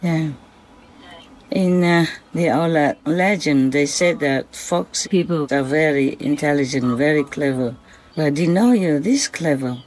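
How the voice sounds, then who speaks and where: A woman talking gently and affectionately at night outdoors near a forest, full of blessings. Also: sits low, measured pace, low-quality recording. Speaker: vlogger. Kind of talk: soft spoken night-time monologue.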